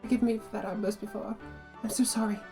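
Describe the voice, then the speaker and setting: A woman's voice: mid-range voice, steady tone, fast talker, mellow, soft background music, close to an everyday voice. A woman voicing a shaky, fearful young male foreign student held as a prisoner, speaking in a British accent with trembling, flowery phrasing. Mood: apologetic. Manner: trembling, paranoid, florid.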